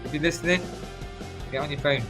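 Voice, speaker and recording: A man's voice: on the high side, fast, over music. An English man in a casual livestream chat, greeting viewers by name and laughing often. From England.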